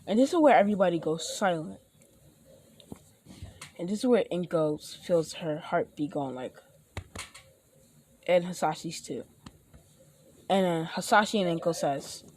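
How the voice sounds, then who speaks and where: A woman's voice: on the low side, moderate pace, darkish tone, breathy edge. A young woman casually retelling her fan fiction story, rambling with many fillers and restarts and acting out the characters' lines.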